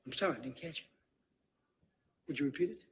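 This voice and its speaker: An actor playing a cool, menacing male gangster in a film clip, speaking in a calm, taunting way. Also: a little high, fast, slight background noise, close to an everyday voice. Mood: cool menace.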